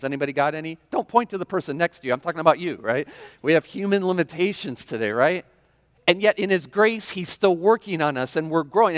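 A man preaching a sermon in a church, talking casually and checking in with the congregation with frequent questions. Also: a little high. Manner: conversational preaching with frequent "right?" and audience questions. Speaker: pastor. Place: church sanctuary. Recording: long reverb of a large hall.

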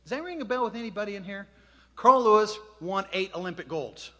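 A man's voice: sits high, animated, fairly quick, pushed and bright. A man in his sixties telling a self-deprecating story to a live audience, quizzing the crowd as he goes. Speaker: speaker. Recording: long hall reverb.

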